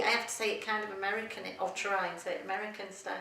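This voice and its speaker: A woman's voice: mid-range voice, fairly even intonation, very fast, creaky, hardly any pauses, bright, forceful tone. A middle-aged woman, chatting in a casual interview, rambling and laughing often. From England. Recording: echoey room, mic at a distance.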